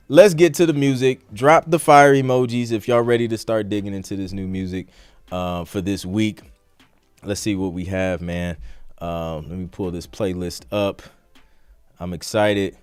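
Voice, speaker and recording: A man's voice: lowish voice, clean tone, no room sound. Upbeat man hosting a live stream. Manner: upbeat, greets chat viewers by name with slang. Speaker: livestream host reviewing music. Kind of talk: casual livestream chat.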